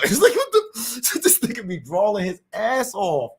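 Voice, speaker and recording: A man's voice: sits high, unhurried, slightly rough. A man in a casual monologue rant, full of profane street slang, acting out what people say. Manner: animated, profane street slang, acts out quotes.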